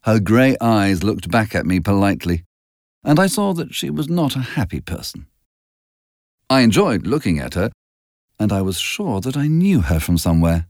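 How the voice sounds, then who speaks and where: A man narrating a story aloud in a measured, expressive way. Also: on the low side, dry recording, clean studio sound. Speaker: audiobook narrator.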